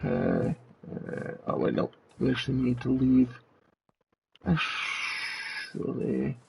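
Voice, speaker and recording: A man's voice: medium pitch, wildly swooping pitch, slow, vocal fry, a little hiss or hum. A male streamer speaking through a demon robot voice changer, chatting to his viewers as he narrates building in a game, with his mic set back from his face. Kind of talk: live gameplay commentary. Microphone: mic pulled back from face.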